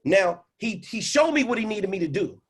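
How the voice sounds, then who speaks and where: A man coaching a caller on a livestream. He is animated and instructive and swings between loud and hushed delivery. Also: high voice, normal speed, husky. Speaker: speaking coach and host.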